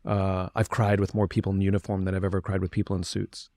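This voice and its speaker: A man's voice: low-pitched, monotone, quick pace, darkish tone, no room sound. A man speaking as a podcast guest, talking earnestly and reflectively with frequent restarts. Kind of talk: candid conversation.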